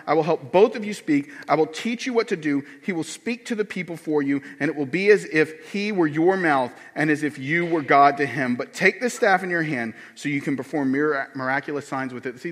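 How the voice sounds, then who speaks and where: Male pastor, high voice, lively sermon delivery, acts out quotes, long church reverb. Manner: animated, acts out quoted voices with swings in pitch and volume.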